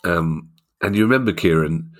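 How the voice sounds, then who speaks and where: A man's voice: low voice, normal speed. A man hosting a podcast, chatting casually and wryly reading out listener questions. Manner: wry, joking, reads listener questions. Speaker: podcast host. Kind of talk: casual chat.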